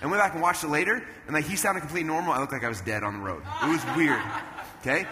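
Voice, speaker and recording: A man in his thirties giving an energetic stage talk at a business event, telling animated stories and jumping into loud character voices. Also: a little high, racing, crowd noise. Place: event stage in a large hall. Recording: long hall reverb, faint room noise.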